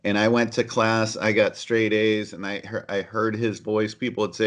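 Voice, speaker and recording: A man's voice: fairly low pitch, normal speed, few pauses. A middle-aged man speaking as a podcast guest, telling his personal story in an earnest, candid way, with many fillers and restarts. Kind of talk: conversational storytelling.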